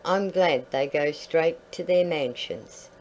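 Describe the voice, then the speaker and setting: A woman's voice: sits low, takes it slowly, darkish tone, slight background noise, low-quality recording. A woman voicing Tam, a male Airedale dog who is wistful and curious about his new home. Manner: wondering, wistful.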